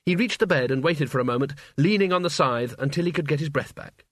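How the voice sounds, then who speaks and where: Man reading a story, dry and measured. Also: fairly high pitch, expressive, no room sound. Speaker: audiobook narrator. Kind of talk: scripted narration.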